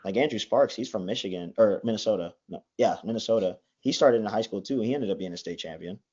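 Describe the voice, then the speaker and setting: A man's voice: on the low side, quick pace, a little mellow, husky. A young man in his twenties, a college wrestler, chatting as a guest in a rambling way, full of likes and restarts. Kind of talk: casual interview. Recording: dull lo-fi sound.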